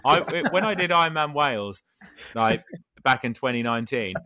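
A man co-hosting a casual podcast, teasing his friends with quick banter. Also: medium pitch, animated, pushed and bright. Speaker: podcast co-host. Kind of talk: casual chat.

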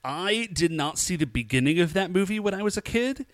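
A man's voice: sits high, lively intonation, fairly quick, no echo. A man co-hosting a podcast, casually recapping an episode, chatty and laughing, acting out lines in quotes. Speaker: podcast co-host.

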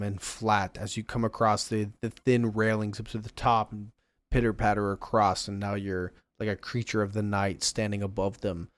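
A man's voice: lowish voice, no room sound. A man running a tabletop game as game master, describing scenes and calling for rolls. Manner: descriptive, relaxed, rolls of dice.

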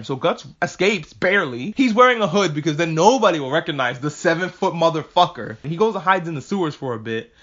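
A man casually recapping an anime plot with crude jokes, acting out the characters' lines in quick asides. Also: on the high side, expressive, a bit bright. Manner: profane, jokey, acts out characters' lines. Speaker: podcast host reviewing an anime. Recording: dull lo-fi recording.

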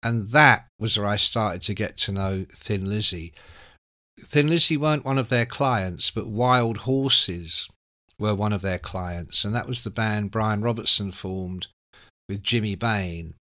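A man, a music journalist telling anecdotes in a casual, animated way, swearing freely. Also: fairly low pitch, a little slow, no room sound, studio quality. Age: 60s. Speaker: music journalist and podcast host.

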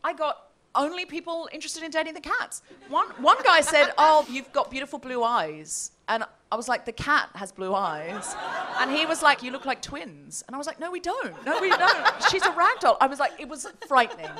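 A woman's voice: high-pitched, lively intonation, normal speed, noisy background. A woman co-hosting a live comedy podcast, telling a story with laughter and quoting messages in put-on voices. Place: live comedy festival show.

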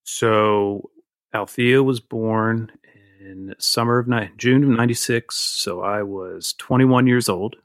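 A man's voice: fairly low pitch, slow, dry recording, studio quality. Candid man in his forties telling stories. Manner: candid, rambling, self-deprecating. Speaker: guest. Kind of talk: casual interview storytelling.

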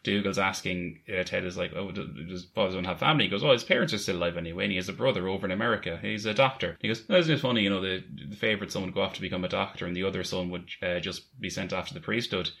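A man's voice: low-pitched, vocal fry, bright, forceful tone. A young man chatting casually and enthusiastically about a sitcom, quoting favourite lines. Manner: enthusiastic, quick, quotes lines with laughs. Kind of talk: casual chat.

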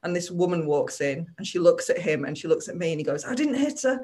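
A woman's voice: deep voice, steady tone, quick pace, dark tone. A woman from northern England, a comedian guest on a podcast, telling a rambling, self-mocking anecdote in casual chat.

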